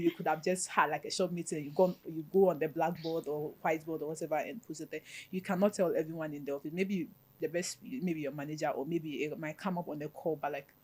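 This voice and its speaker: A woman with a Ghanaian English accent, a software developer talking casually as a panel guest and leaning heavily on "like". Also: sits low, husky. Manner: chatty, leans heavily on "like". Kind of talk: panel discussion.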